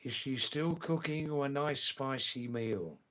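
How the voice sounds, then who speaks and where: A man's voice: mid-range voice, fairly bright tone, natural voice. A man putting on a cheery, overfamiliar Australian bloke, bantering heartily. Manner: hearty, fast repeated banter.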